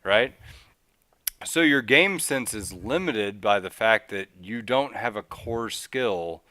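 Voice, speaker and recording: A man hosting a casual gaming podcast, explaining things in an animated way and acting out his own thoughts in quick little voices. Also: lowish voice, dry recording. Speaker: podcast host.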